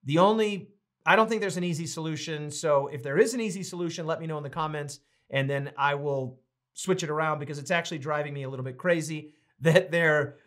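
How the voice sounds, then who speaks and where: Upbeat high-voiced pastor hosting a livestream. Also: male voice, fairly quick, fairly bright tone. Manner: upbeat, greets viewers one by one by name. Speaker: pastor and host of a livestreamed reading series. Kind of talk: casual livestream greetings and announcements.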